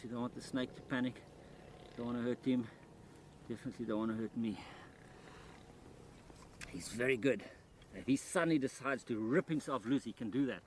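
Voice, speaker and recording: A man presenting wildlife outdoors by paddy fields, with a middle-pitched voice and an eager, explaining manner. Faint outdoor sound sits behind him. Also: a little mellow, slight background noise. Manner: enthusiastic, explains while handling animals.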